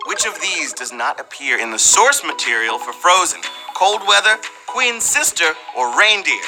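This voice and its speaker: Bright, lively man hosting a trivia show. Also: on the high side, moderate pace, few pauses, faint music behind, poor audio. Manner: playful, slangy, animated, teasing the players. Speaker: trivia game show host. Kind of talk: live game show hosting.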